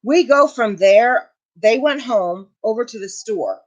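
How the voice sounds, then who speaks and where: On a dull lo-fi home recording, a middle-aged woman hosting her channel's casual livestream speaks a little slowly in a fairly high voice with lively intonation. Emotional and indignant, she shares a family story and replies to comments from viewers.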